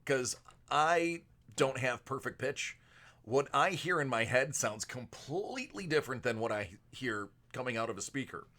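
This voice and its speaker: A man hosting a live card-break stream, chatting casually with viewers and moving between a projected announcer voice and a softer everyday voice. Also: medium pitch. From United States. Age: adult with a young son. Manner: chatty, answers viewers by name.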